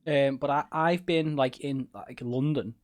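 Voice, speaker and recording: A man from Liverpool talks with a Scouse accent, hosting a relaxed conversation. His voice sits at a middle pitch, and he chats loosely with plenty of fillers. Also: a little slow. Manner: chatty, filler-heavy. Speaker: podcast host. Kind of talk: casual conversation.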